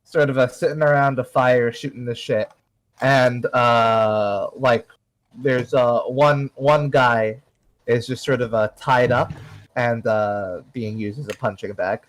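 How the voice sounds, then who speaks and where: A man narrating a tabletop game as game master, halting and full of fillers. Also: mid-range voice, steady tone, rough recording.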